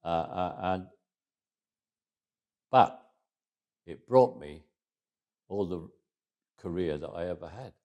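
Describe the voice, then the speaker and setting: Deep-voiced man in his eighties, anecdotal interview storytelling, stumbling restarts, endings that drop away softly. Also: lively intonation, takes it slowly, long pauses. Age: 80s. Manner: repeats words at restarts, trails off quietly at phrase ends.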